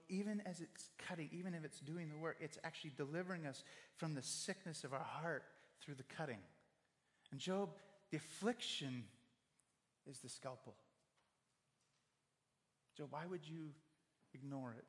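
Man, sermon, earnest direct address, fairly high voice, reverberant church hall. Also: fairly bright tone. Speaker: pastor.

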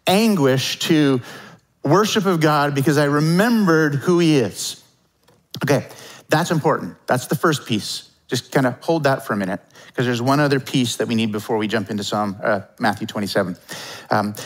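A man's voice: medium pitch, rough recording. Male pastor, casual sermon delivery, acts out the quotes, mid-range voice. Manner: conversational, animated preaching with dramatic quoted voices.

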